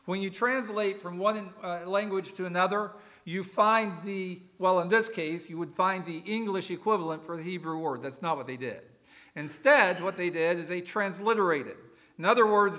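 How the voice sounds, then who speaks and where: A man's voice: sits high, bright, forceful tone. A man preaching a sermon, explaining words in a conversational way with folksy asides. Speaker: pastor.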